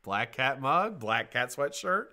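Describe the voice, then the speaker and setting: A middle-aged man hosting a casual live stream, swearing freely and greeting viewers by name in loud bursts. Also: mid-range voice, sing-song, slow pace.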